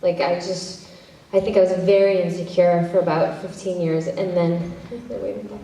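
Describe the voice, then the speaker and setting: Answering fans at a convention panel, the actress-director keeps things chatty, breaks into her own sentences, and laughs easily. Her warm voice sits fairly low, moving little in pitch, at a moderate pace. It's captured from a distance in a reverberant hall with faint noise.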